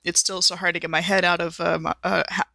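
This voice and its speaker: Bright-voiced woman chatting at a game. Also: lowish voice, flat delivery, quick pace, gravelly, no room sound. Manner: chatty and self-interrupting. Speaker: player. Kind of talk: casual chat at a game table.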